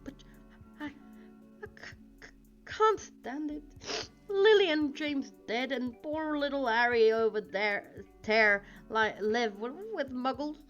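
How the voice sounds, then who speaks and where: A woman's voice: high-pitched, animated, a bit bright, pitched above the performer's own voice, full character voice. A huge, tender-hearted giant of a man who stammers and halts through his words, as a woman reads him aloud. His voice swings up and down with feeling. The recording sounds dull and lo-fi, with faint music underneath. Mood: sobbing. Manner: halting, stammering, tearful. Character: huge gentle male giant, soft-hearted.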